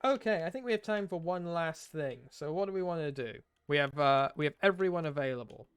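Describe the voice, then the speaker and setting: A man streaming, reading a game's story aloud with expressive narration and wry asides. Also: fairly high pitch, brisk, clean tone, no echo, clean studio sound.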